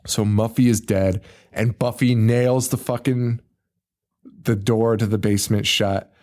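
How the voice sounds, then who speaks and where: A man's voice: on the low side, measured pace. A man co-hosting a podcast, telling a movie plot in casual chat, acting out the characters' screams and lines with swearing and laughter. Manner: animated storyteller who acts out characters with screams and laughs; swears freely. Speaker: podcast co-host.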